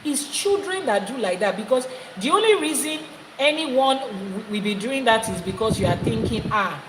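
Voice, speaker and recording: A woman's voice: a little high, animated, normal speed, reverberant, in a large hall, a little hiss or hum, rough recording. A woman, a priestess giving a spiritual teaching talk, stressing her points by repeating phrases. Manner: emphatic, repeating phrases for effect.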